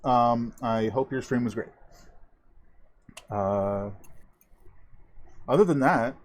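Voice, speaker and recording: A man's voice: medium pitch, takes it slowly. Laid-back man running a tabletop game. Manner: relaxed, laughing, filler-heavy. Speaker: game master.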